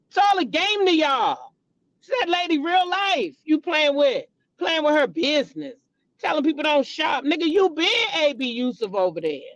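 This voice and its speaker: High-voiced female commentary host, blunt, profane, heated; AAVE speech. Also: fairly bright tone, dry recording, highs cut off. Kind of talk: casual commentary vlog.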